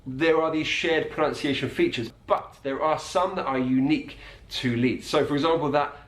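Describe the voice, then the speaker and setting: A man teaching about accents in a clear, patient way, slowing down to demonstrate individual sounds. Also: a little high. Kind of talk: explanatory video lesson. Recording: echoey room.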